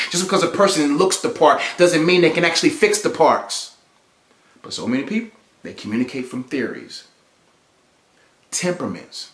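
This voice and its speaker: A man's voice: fairly high pitch, a bit bright. A man hosting a podcast, giving motivational relationship advice in a preachy way and repeating phrases for emphasis. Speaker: podcast host. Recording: echoey room.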